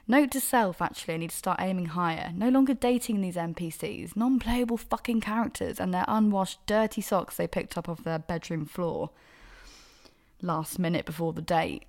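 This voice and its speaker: A woman's voice: on the low side, darkish tone. A young woman hosts a solo podcast, telling dating stories in a candid, sweary, exasperated way. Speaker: podcast host.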